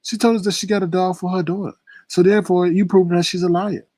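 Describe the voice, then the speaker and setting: A man hosting a casual commentary stream, chatty and laughing, with drawn-out exclamations. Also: sits high, little pitch movement, darkish tone, dry recording. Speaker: host.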